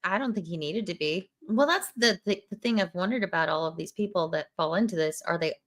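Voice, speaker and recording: A woman's voice: fairly low pitch, brisk, a bit bright. A woman hosting a podcast in casual chat, thoughtful and wry, often speaking in broken phrases. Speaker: podcast host.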